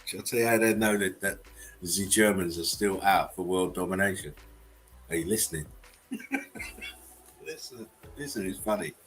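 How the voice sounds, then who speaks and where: A man's voice: sits low, normal speed, long pauses, fairly bright tone, poor audio. A man hosting a casual livestream, talking bluntly, swearing and chuckling often. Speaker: channel host.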